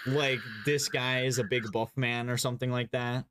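A man's voice: mid-range voice, flat delivery, normal speed, a bit bright. Giggly man joking through a game. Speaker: let's-play host. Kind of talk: casual gameplay chat.

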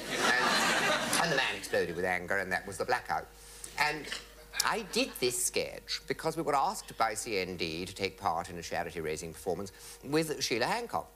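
A man's voice: low-pitched, sing-song, normal speed, bright, forceful tone, slight background noise, poor audio. A middle-aged man telling comic anecdotes to a live audience as a raconteur, theatrical, with sudden leaps into mock outrage. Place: television studio before an audience.

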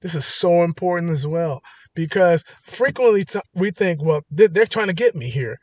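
A man's voice: high-pitched, animated, normal speed, darkish tone, no echo. A man preaching a sermon, emphatic and rising to stress points, often restarting his words. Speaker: pastor.

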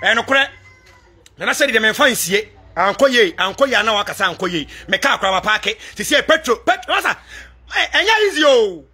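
A Ghanaian man delivering a fiery vlog rant to supporters, switching between Twi and English and breaking into shouts. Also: extremely high pitch, big pitch swings, brisk. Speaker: political commentator addressing supporters abroad.

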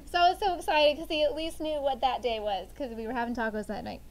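A middle-aged woman teaching a sixth grade class, talking lively and telling funny family stories to the students. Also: high-pitched, quick pace, low-quality recording. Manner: lively, animated storytelling. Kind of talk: classroom lesson with storytelling.

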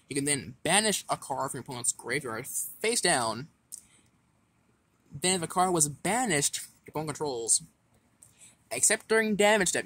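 A man casually walks through his card game deck, reading the effects aloud haltingly, stumbling and restarting. His voice is on the high side with a fairly bright tone.

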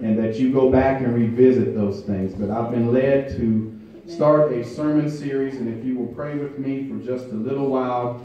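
A male pastor preaching a sermon, building from quiet to loud, emphatic delivery with drawn-out phrases. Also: mid-range voice. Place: church sanctuary. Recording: distant echoey church recording, muffled.

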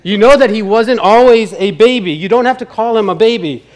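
A man puts on an exasperated young wife who loses patience with her husband. Her voice is raised in pitch and sharp with scolding. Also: a little fast, close to an everyday voice.

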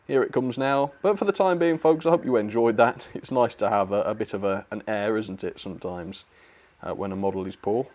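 A man's voice: lowish voice, a little fast, darkish tone. A young British man giving a chatty, blunt review of a model train on his video channel, laughing now and then.

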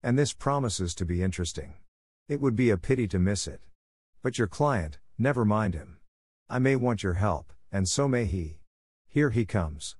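Man reading a dry detective, self-assured, brisk, lowish voice, dead-dry booth. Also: lively intonation, a little mellow, husky, no echo.

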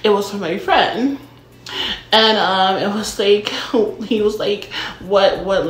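A woman's voice: medium pitch, takes it slowly. A young woman spins a comedic storytime in a brash, self-absorbed valley-girl voice, with "like" dropped into every other phrase and casual swearing. Her voice sits in an ordinary middle register. The recording carries a roomy echo. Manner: ditzy valley-girl talk full of "like".

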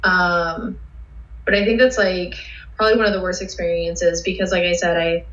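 A woman guest telling excitable, rambling stories with lots of fillers in a casual interview. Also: on the low side, moderate pace. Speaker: guest cosplayer. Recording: roomy, dull sound.

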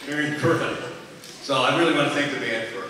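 A bandleader giving rambling, joking stage banter between tunes at a live concert, chuckling often. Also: male voice, medium pitch, quick pace. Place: concert hall with an audience. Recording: echoey hall from far off, noisy.

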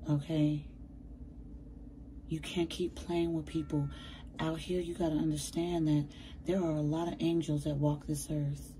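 Tarot reader, woman, low deep-set voice, slangy and emphatic, reading to camera from her bedroom. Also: flat delivery, measured pace, pauses often, dark tone, slight background noise, low-quality recording. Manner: chatty, slangy, emphatic, addresses viewers as baby. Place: bedroom at home.

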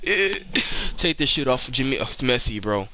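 A young man streaming a game live, scolding his teammate in an exasperated way, swinging from low mutters to sudden yells. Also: quick pace. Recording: noisy game stream audio.

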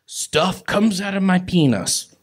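A man doing stand-up on stage, with a slow, halting, awkward delivery full of odd pauses. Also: high-pitched, lively intonation, breathy edge. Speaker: comedian. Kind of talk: live stand-up and crowd banter. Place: comedy stage with live audience.

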